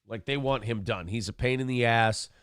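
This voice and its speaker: A man hosting a morning talk show, swearing freely and jumping into loud impressions of others. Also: mid-range voice, moderate pace, clear, resonant tone, no room sound, clean studio sound. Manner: profane, animated, mimics others in loud bursts. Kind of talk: casual podcast commentary.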